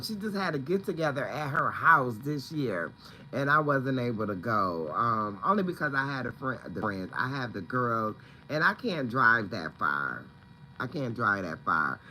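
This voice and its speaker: A man's voice: medium pitch, sharp tone, slight background noise, poor audio. A man chatting casually on a home livestream, rambling and greeting viewers by name. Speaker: livestream host. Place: at home, indoors.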